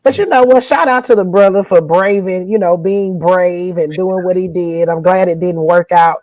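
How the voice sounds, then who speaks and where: A woman from northern Louisiana with a northern Louisiana accent, co-hosting a podcast in casual chat, folksy and animated with old-fashioned country sayings. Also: fairly low pitch, normal speed, dry recording, poor audio. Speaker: podcast co-host.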